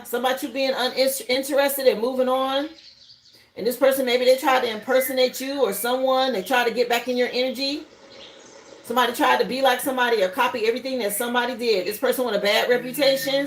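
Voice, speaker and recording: A high-pitched woman hosts a live tarot stream from home. She talks loosely and chattily, greeting viewers by name and musing aloud over each card. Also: slight background noise, low-quality recording. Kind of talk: casual live tarot reading. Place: home livestream setup, burning incense.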